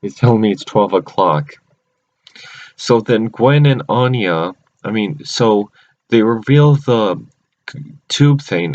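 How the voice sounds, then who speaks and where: A man's voice: fairly low pitch, expressive, slow pace, long pauses, darkish tone. A man casually recapping a cartoon episode at home, rambling with many restarts and self-corrections. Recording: dull lo-fi recording.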